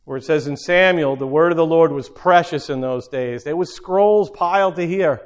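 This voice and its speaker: Middle-aged male preacher, fairly high voice, casual sermon delivery, repeats key lines. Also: normal speed. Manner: conversational, repeats phrases for emphasis. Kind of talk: informal sermon.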